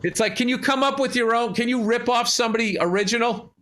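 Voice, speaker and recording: A middle-aged man from Massachusetts, co-hosting a podcast and telling sports stories in a loose, profane, animated way. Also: extremely high pitch, fast, crowd noise. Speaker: podcast co-host. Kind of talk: casual chat.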